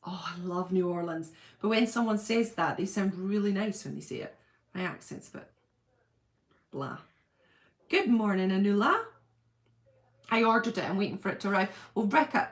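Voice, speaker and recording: A woman chats casually on a livestream from her home. She reads viewer comments aloud and gushes over them. Her talk is loose and thinking-aloud, full of ums and restarts. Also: mid-range voice. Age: adult with a husband and school-age children. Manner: chatty, gushing, thinks aloud with many fillers. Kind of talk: casual live-chat.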